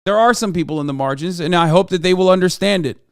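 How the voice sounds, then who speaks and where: A man ranting on a live stream, angry and full of profanity as he argues with viewers. His voice is high for a man, smooth and clear, and dry with no room sound. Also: fast talker, no room sound. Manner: heated, profane, argumentative. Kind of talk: live-stream reaction rant.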